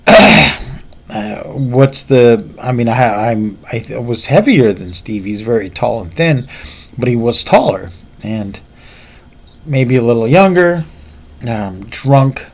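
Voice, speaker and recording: A man's voice: medium pitch, darkish tone. A man telling a martial arts story in a casual, rambling way, with frequent fillers.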